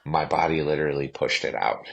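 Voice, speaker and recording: A man with an exceptionally deep, low voice, a clinician guest on a podcast. He recounts a personal story casually and animatedly, leaning on "like" and "you know" as he talks. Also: fairly quick, creaky, fairly bright tone.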